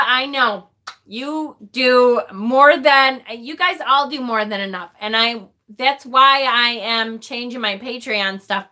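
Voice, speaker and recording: A middle-aged woman hosting a casual livestream, talking to viewers in a halting, emotional way and often breaking off mid-sentence. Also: on the high side, bright, forceful tone. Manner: emotional, thanking viewers, halting and self-interrupting. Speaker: livestream host.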